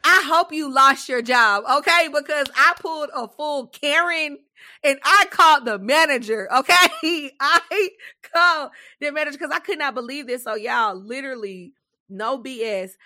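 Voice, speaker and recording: A young adult woman co-hosting a podcast, telling a story as a casual rant, animated, loud and dramatic, laughing often. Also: high voice, moderate pace. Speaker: podcast co-host.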